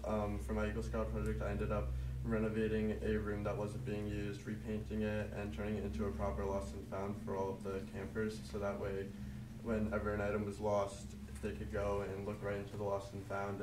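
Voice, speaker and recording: A young man describes his project earnestly, pausing often on ums. His voice runs low and almost completely flat. He is heard from a distance in an echoey room with faint noise. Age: young adult. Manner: earnest, hesitant with many ums. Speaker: Eagle Scout honoree. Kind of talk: prepared public remarks. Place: large public meeting room.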